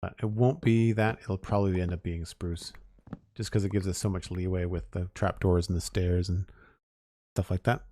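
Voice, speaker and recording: A man's voice: deep voice, fairly even intonation, moderate pace, warm tone. A man chatting casually on a live stream while he builds, musing aloud and chuckling at himself.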